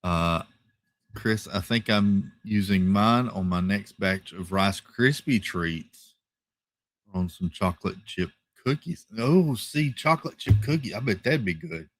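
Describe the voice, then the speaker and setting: A man hosting a casual live stream from home, reading viewer comments in a relaxed, chatty way with lots of fillers and repeated thank-yous. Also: on the low side, unhurried, no echo. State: tired, yawning. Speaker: livestream host. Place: home, rural area.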